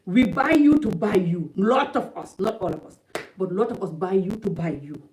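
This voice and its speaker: A woman's voice: medium pitch, expressive, normal speed, darkish tone, a little hiss or hum, low-quality recording. A woman from Africa giving blunt, emphatic opinion commentary in a vlog, repeating points for stress. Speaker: vlogger.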